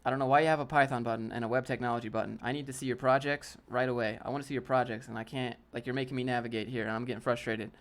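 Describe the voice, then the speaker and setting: Man, livestream host, casual Q&A, blunt, slangy, mid pitch. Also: steady tone, racing, hardly any pauses. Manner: blunt, answers chat questions and critiques a viewer's portfolio; casual slang, calls viewers fam and dude. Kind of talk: casual live Q&A. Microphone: desk setup with a DSLR camera.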